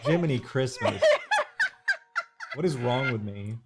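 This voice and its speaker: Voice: medium pitch, expressive, a little slow, heavy background noise. An artist hosting a drawing livestream, chatting casually with a laid-back, self-mocking manner and laughing easily. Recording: music playing behind.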